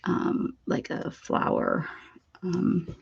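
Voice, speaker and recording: A woman's voice: very slow, darkish tone, muffled recording, a little hiss or hum. Chatty woman crafting on a live stream. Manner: chatty and bubbly, greets viewers, loses her place and laughs. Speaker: craft video host.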